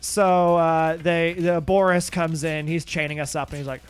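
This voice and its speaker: A man's voice: a little high, level tone, normal speed, hardly any pauses, soft background music. A man casually telling a story on stream, rambling, with restarts and the odd swear.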